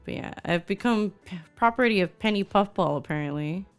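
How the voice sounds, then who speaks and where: A woman's voice: mid-range voice, a little fast, clean tone. Young woman, VTuber, casual stream chat, bubbly, gushing, faint background music.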